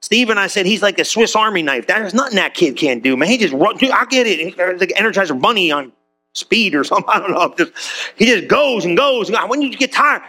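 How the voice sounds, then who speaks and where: A pastor giving a lively, conversational sermon, often acting out quoted voices and restarting his sentences. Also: high voice, fairly quick. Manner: repeats himself with restarts.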